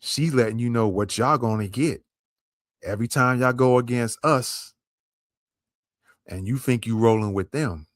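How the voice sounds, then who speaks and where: A man's voice: medium pitch, measured pace, pauses often, dry recording, clean studio sound. A man hosting a podcast, commenting on a clip in an emphatic way, repeating his points and speaking straight to his listeners. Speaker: podcast host.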